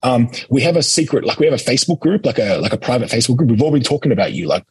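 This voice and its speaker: A young Australian man, an interview guest, telling a lively casual story and acting out quoted lines. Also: medium pitch, a little fast, husky, dry recording, poor audio. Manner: animated anecdote-telling, acts out quotes. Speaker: interview guest, competitive eater.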